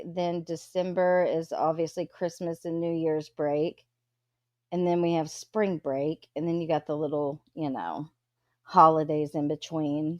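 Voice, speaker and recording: A woman hosts a livestream, chatting casually with viewers and reading out their comments in a blunt, profane way. Her voice is on the low side and a little mellow, recorded with no echo.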